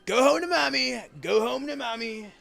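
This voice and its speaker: A man putting on the voice of a male politician who taunts protesters at a rally, shouting and mocking. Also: very high voice, moderate pace, gravelly, faint music behind, pitched above the performer's own voice, exaggerated voice. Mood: taunting.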